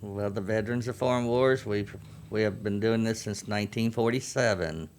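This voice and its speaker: Man, 50s, veteran chaplain guest; low, earnest explainer. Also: moderate pace, darkish tone, a little hiss or hum. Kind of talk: radio interview.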